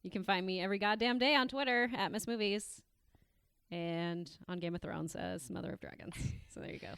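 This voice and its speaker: A woman hosting a casual movie podcast who briskly reads out listener picks. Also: mid-range voice, gravelly, a bit bright, smooth, dry recording. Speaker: podcast host.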